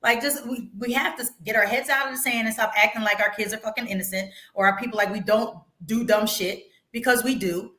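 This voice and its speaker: A woman's voice: fairly high pitch, fairly even intonation, brisk, few pauses, pushed and bright, echoey room. A woman hosting a casual talk show, outspoken, swearing freely and laughing often. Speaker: podcast host. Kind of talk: casual chat.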